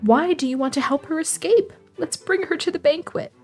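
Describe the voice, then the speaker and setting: Woman doing a high, flirty British charmer from a dating game, put-on accent, music behind. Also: moderate pace, natural voice.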